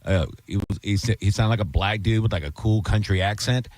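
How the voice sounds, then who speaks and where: Radio regular, male, low voice, dry close mic, brash and mocking in delivery. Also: fairly quick, darkish tone, no echo. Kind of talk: casual radio banter.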